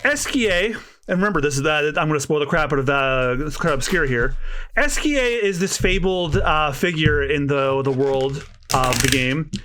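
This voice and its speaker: A man's voice: on the high side, lively intonation, normal speed, pushed and bright, a little hiss or hum. A man co-hosting a podcast, talking enthusiastically in casual chat with many fillers. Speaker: podcast co-host.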